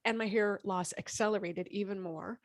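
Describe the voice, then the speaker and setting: A woman in her fifties telling her health story as a podcast guest, animated and lively, acting out what people said. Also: mid-range voice, normal speed, no echo. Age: 50s. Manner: animated, acts out quoted dialogue. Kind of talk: casual interview storytelling.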